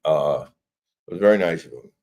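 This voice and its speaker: A man with a very deep voice chats casually on a live stream. He tells a funny story in a dry, wry way. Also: animated, a little fast, a little mellow. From United States. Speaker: co-host.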